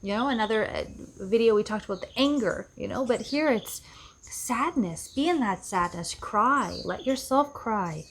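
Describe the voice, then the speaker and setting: A woman's voice: on the high side, lively intonation, normal speed. A woman life coach giving an earnest, reflective self-help talk, often repeating herself for emphasis. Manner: earnest, repetitive, acts out quoted voices.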